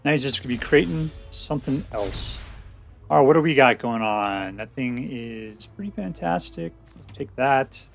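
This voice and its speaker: A man's voice: mid-range voice, animated, normal speed, creaky, faint music behind. Man casually narrating his own gameplay. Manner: talks to himself, counting cards aloud, sarcastic. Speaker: game commentator.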